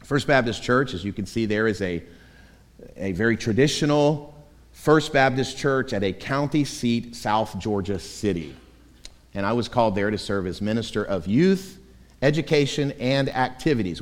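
A man's voice: on the low side, a little fast. A man preaching as pastor, telling stories in a self-mocking, emphatic way. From Florida. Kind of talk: sermon. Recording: echoey church hall.

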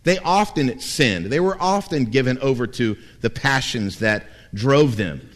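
A man, a pastor, preaching a sermon in an animated way with wry humor. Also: medium pitch, a little slow.

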